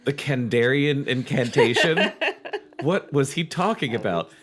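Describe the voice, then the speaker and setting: A woman's voice: extremely low pitch, a little slow. A woman co-hosting a casual podcast, reading a children's book aloud and joking about it, laughing often and swearing freely. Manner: giggly, animated, swears freely. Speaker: podcast co-host. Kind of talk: casual read-along chat.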